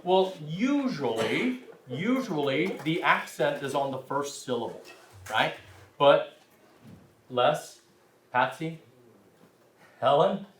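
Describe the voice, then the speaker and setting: A man teaching a language class, chatty and informal, often checking in with his students. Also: mid-range voice. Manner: chatty, frequent "right?" check-ins, self-deprecating. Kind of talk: classroom instruction. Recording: roomy, distant, faint hiss.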